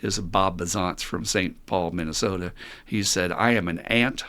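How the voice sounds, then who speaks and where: A man's voice: sits low, normal speed, fairly bright tone. An older man, a podcast co-host in recovery, telling stories casually and animatedly, laughing often. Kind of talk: casual storytelling talk.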